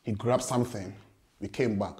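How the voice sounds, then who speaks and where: A young man from Ghana with a Ghanaian accent, telling a story in a casual interview, animated and laughing often as he acts out voices. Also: fairly low pitch, normal speed, echoey room. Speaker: guest boxer.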